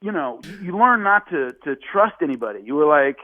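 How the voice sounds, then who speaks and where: A man's voice: fairly quick, dry recording. A man telling a story as a podcast guest, acting out quotes in a raised voice. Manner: animated, acts out quotes with raised pitch. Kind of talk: casual storytelling. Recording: phone-like narrow band.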